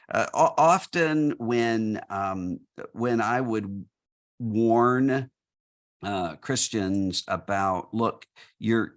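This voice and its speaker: A man giving measured, thoughtful answers in an interview, with frequent fillers and restarts. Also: fairly low pitch. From United States. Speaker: guest.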